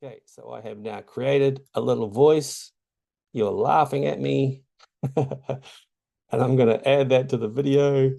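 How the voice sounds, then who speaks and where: A man with a New Zealand accent talks through a tutorial in a loose, chatty way. His voice is mellow and gravelly, with a mid-range pitch. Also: fairly even intonation, unhurried, long pauses. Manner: chatty, loose, many ums. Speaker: tutorial host. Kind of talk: casual screen-share tutorial.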